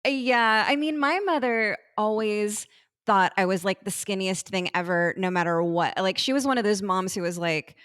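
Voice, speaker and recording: Casting: woman, mid-pitched, easygoing interview host who laughs often. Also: moderate pace, fairly bright tone, smooth. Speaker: podcast host. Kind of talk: casual conversational interview. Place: California.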